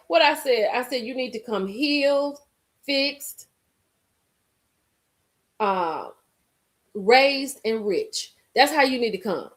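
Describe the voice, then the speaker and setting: A woman hosting a live stream, chatting casually and emphatically with her viewers, repeating lines for effect. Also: mid-range voice. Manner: animated, talks straight to viewers reading the chat.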